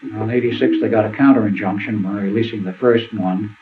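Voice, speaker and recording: Older male seminar speaker, low-ish voice, anecdotal and rambling, tinny phone-like audio. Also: steady tone, brisk. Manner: rambling anecdotal storytelling, acts out quotes. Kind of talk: storytelling talk at a seminar. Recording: tinny phone-like sound with faint hiss.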